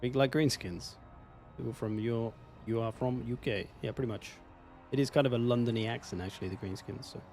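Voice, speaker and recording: A man's voice: medium pitch, fairly even intonation, fairly quick, darkish tone, faint music behind. A man with an English accent, casually commenting on a strategy game on a live stream, swearing now and then and answering chat. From England. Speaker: gaming streamer.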